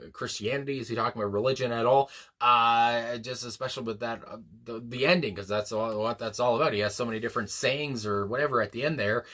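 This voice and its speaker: A man's voice: mid-range voice, fairly bright tone. A man hosting a music reaction video, rambling casually with lots of fillers, restarts and exclamations. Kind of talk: casual unscripted reaction commentary.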